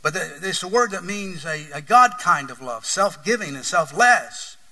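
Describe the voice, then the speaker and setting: East Tennessee preacher, bright and distant. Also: male voice, sits high, lively intonation, moderate pace. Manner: earnest storytelling preacher, swells and drops in volume. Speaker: pastor. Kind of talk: sermon.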